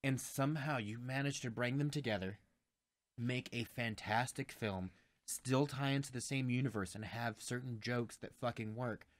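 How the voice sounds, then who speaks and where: Young male co-host, casual over-drinks banter, animated and foul-mouthed, middle pitch, dry close sound. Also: moderate pace, no echo. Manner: animated and profane, swears often.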